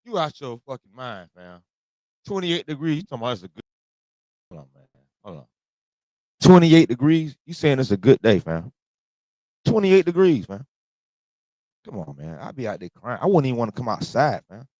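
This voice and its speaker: Animated slangy man reacting. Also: medium pitch, brisk, dry recording. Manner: slangy, laughing, exaggerated complaints. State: has a cold. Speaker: reaction video host. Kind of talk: casual reaction commentary.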